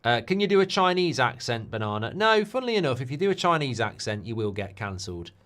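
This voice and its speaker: A man hosting a live stream in a lively voice that swings up and down a lot, talking in a casual, opinionated way. He keeps throwing in tag questions and slides into heated rants. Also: medium pitch, fast. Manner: chatty and opinionated, full of tag questions like "haven't they?"; gets heated and ranty when making a point. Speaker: host of a live football watchalong stream. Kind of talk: casual live-stream chat reacting to viewer messages.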